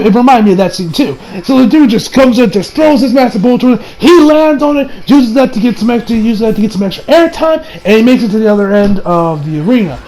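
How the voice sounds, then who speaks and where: A man giving a casual, rambling anime episode review, slangy and excitable, often laughing at his own remarks. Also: sits high, low-quality recording.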